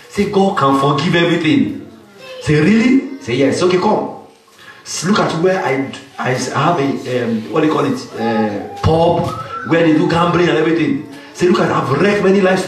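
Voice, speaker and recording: A man's voice: a little high, very echoey, far from the mic, rough recording. A man preaching a sermon as pastor, emphatic and punctuating his points with frequent "Amen".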